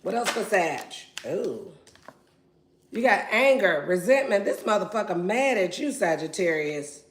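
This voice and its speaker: A woman's voice: medium pitch, very animated, unhurried, slight background noise. A woman giving a casual tarot reading in a brash, playful and profane way. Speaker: tarot reader. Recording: roomy echo.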